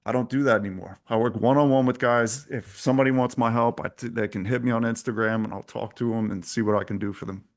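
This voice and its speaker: A man talking as an interview guest, with intense, emphatic delivery. His voice is mid-pitched, and the preacher-like drive carries through his stories. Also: steady tone, quick pace, hardly any pauses. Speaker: podcast guest, coach. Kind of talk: candid interview talk.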